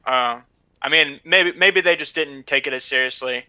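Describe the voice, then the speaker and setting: Bright, hesitant man on a lo-fi mic. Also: medium pitch, normal speed, smooth, no echo. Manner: hesitant, lots of fillers and trailing off. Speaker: podcast co-host. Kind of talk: casual esports analysis chat.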